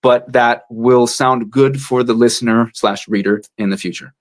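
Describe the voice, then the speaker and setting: Male audiobook narrator, casual and animated, mid-range voice, chatty interview guest. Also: mid-range voice. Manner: animated, drops into quick character voices.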